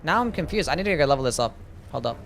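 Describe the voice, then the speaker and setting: A man's voice: on the high side, lively intonation, rapid-fire, creaky, fairly bright tone, slight background noise. A man streaming a video game live, talking back to his chat in an exasperated way and swearing often. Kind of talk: live-stream commentary while playing.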